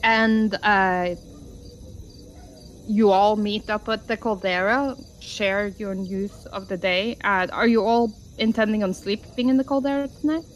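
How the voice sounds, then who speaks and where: A woman running a tabletop game as game master, halting and teasing, with many fillers. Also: mid-range voice, fairly even intonation, a little hiss or hum, low-quality recording.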